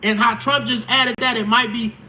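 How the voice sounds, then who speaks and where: A man, hosting a casual live stream explainer, slangy and animated, acting out quotes. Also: very high-pitched, normal speed, slight background noise.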